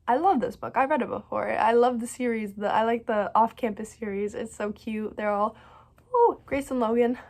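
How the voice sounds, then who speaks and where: A woman chatting casually about books she loved, gushing and rambling with lots of "like" and frequent restarts. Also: a little high. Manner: gushing and bubbly, many "like"s and "so good"s; rambling, restarts her sentences. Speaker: book vlogger. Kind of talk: casual reading wrap-up chat.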